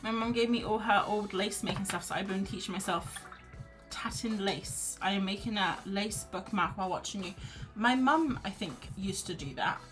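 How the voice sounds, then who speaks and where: Wrapped in a blanket on her sofa at home, a woman art streamer paints live and chats casually, reading out chat messages and cheering herself on. Her voice is medium-pitched and her pace moderate. She rambles in a chatty, self-encouraging way while quiet music plays in the background.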